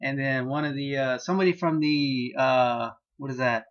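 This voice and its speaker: A man casually reviews a manga chapter, laughing as he loosely retells its scenes in an excitable, profane way. His voice sits in the mid range at a normal speed, and the recording sounds muffled.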